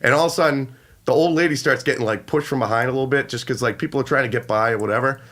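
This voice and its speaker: A young man co-hosting a podcast, telling a rant in a casual, animated way with swearing. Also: mid-range voice, very fast. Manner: animated, swearing, acts out quotes. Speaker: podcast co-host. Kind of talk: casual ranting story.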